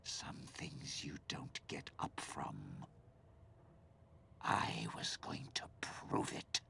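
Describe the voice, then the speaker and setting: A man's voice: lively intonation, very slow, bright, forceful tone, whispered, full character voice. An actor voicing a bitter, scheming older man in a video game, speaking in a menacing drawl. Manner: low gravelly menacing drawl.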